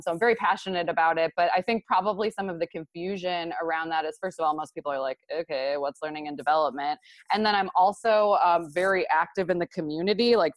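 A woman's voice: low voice, no room sound. A woman co-hosting a podcast, talking casually and chattily with frequent fillers. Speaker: podcast co-host.

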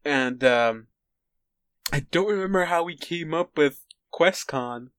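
A man in a casual, relaxed chat who laughs along and teases his co-host. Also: a little high, slow, clear, resonant tone, dry recording.

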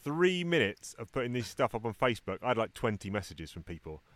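Fast-talking man telling stories. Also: mid-range voice, very animated, a bit bright, no room sound. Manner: rambling anecdotes with voiced quotes. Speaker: podcast co-host. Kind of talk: casual chat.

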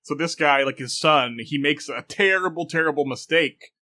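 A man co-hosting a casual podcast, enthusiastic, chiming in quickly and acting out quoted lines. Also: fairly high pitch, bright, forceful tone. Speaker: podcast co-host. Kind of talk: casual anime discussion.

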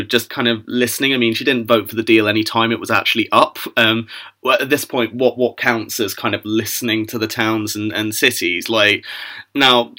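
Blunt, bright-voiced man. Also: medium pitch. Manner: blunt, profane, mocking. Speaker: podcast guest. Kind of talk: casual political chat.

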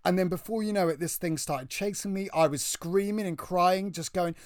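A man with a British accent telling a story in casual chat, excitable and breathless, often restarting his sentences. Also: high-pitched, moderate pace, dry recording, studio quality.

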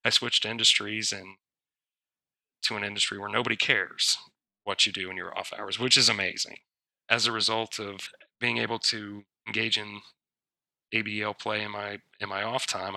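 A man's voice: on the low side, creaky, sharp tone, no room sound. A man being interviewed on a podcast, talking candidly and a little hesitantly. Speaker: podcast guest. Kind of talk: casual interview chat.

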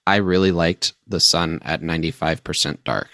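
A man with a very deep voice chats as a podcast guest. He talks in a playful, jokey way. The sound is close and dry. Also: steady tone, normal speed, sharp tone, no room sound. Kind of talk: casual chat.

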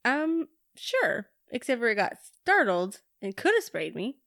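A woman's voice: on the high side, huge pitch swings, a little slow, vocal fry, fairly bright tone, no room sound, clean studio sound. A woman from Montana chatting casually as a podcast co-host, telling stories and laughing often. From Montana, USA. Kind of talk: casual chat.

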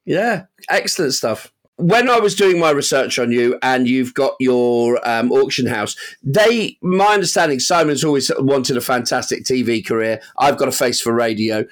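A man's voice: mid-range voice, lively intonation, normal speed. A man hosting a podcast, asking a guest questions in an upbeat, encouraging way. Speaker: podcast host. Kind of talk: casual interview.

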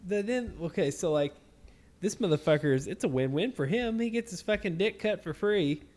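A man with a high, expressive, slightly mellow voice co-hosts a casual podcast at a moderate pace. His banter is crude, with heavy swearing, lots of "like" and "uh," and many restarts.

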